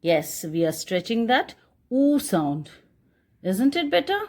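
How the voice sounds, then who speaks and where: A young woman teacher with an Indian English accent, teaching a phonics lesson to small children and spelling out words slowly in a sing-song way. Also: medium pitch, very animated, darkish tone. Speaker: kindergarten teacher.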